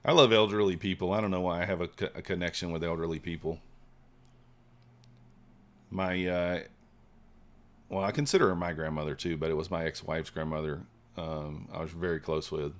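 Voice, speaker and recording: A man's voice: low-pitched, fairly even intonation, normal speed, long pauses. A man chatting casually on a live trading stream, rambling with lots of fillers and trailing off.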